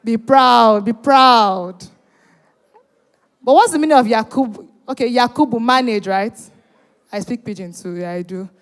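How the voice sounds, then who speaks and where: Lively high-voiced woman hosting. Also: normal speed. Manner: animated, teasing, urging the crowd. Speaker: event host. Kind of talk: hosting a live event, bantering with the audience. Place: large event hall. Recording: reverberant hall.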